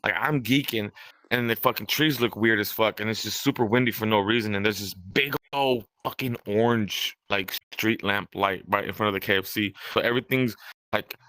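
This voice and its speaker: His voice is fairly low with a sharp tone, delivered at a moderate pace without echo. He's a young podcast host telling a long, meandering, profane story in casual talk, imitating what others said.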